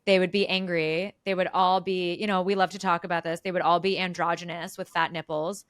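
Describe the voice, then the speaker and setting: A woman's voice: on the low side, flat delivery, a little fast, smooth, no echo, studio quality. A young adult woman co-hosting a casual political podcast, talking emphatically and restarting sentences as she builds her points. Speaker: podcast co-host.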